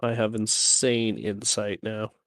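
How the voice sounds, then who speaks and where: A man's voice: on the low side, fairly even intonation, takes it slowly, a bit bright, dry recording. Crude, joking male player on a dry mic. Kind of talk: casual tabletop play.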